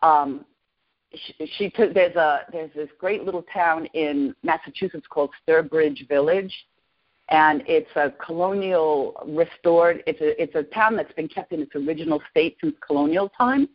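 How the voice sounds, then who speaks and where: A woman in her sixties, a podcast guest, excitedly and emotionally telling a personal story. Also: deep voice, normal speed. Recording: lo-fi podcast audio.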